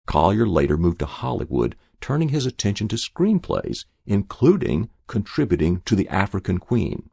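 Guy reading a short story aloud, real low voice, steady pace. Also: creaky, breathy edge, no room sound, clean studio sound. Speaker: narrator.

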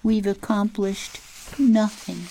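A woman voicing a young girl who is upset and tearful, her voice rising high and breaking. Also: steady tone, slow pace, creaky, mellow, a little hiss or hum.

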